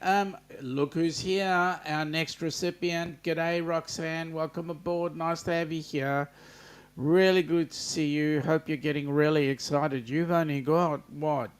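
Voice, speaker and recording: Aussie bloke rambling through a live chat, greeting everyone, lots of ums, voice on the higher side. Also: male voice, clear, resonant tone. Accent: Australian. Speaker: livestream host.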